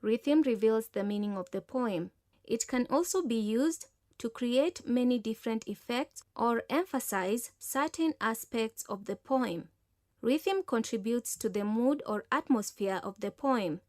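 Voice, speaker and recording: A woman teacher narrates a lesson in a slow, measured way, with a fairly high voice. She sounds close and dry, with no room sound around her. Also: animated, a little mellow, no room sound.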